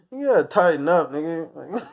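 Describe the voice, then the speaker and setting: A man from the United States rambles through a crude, profane rant and keeps cracking himself up. His pitch swings a lot. The recording is muffled and lo-fi. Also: creaky. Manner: rambling, crude, laughs often at own jokes. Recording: dull lo-fi recording.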